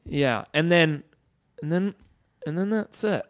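High-voiced, animated comedian from Canada. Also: male voice, measured pace. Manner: goofy, riffing, laughing often. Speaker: guest comedian. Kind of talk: casual comedic chat.

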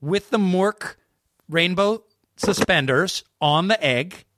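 A man guest on a podcast, chatting casually and riffing on absurd ideas with a deadpan edge. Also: sits high, slow, dry recording, clean studio sound. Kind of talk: casual chat.

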